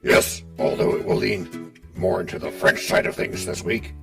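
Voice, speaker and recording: A man's voice: moderate pace, far from the mic, over music. A man co-hosting a podcast, dry and questioning, asking for things to be explained. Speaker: podcast co-host. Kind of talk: casual podcast banter.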